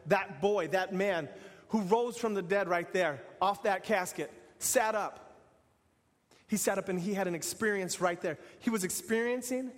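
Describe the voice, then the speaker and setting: A man's voice: high-pitched, in a large hall. A man preaching an earnest sermon in repeated, building phrases. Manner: earnest, repetitive, building to exhortation.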